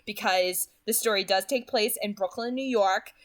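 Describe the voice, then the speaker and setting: A young woman with a New Jersey accent chats loosely to her viewers after a book reading. Her talk rambles, full of fillers and repeated words, at an ordinary pitch for a woman. The sound is a plain home-microphone recording. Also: normal speed. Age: 20s. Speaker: book reading channel host. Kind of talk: casual commentary after a read-aloud. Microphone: home studio microphone.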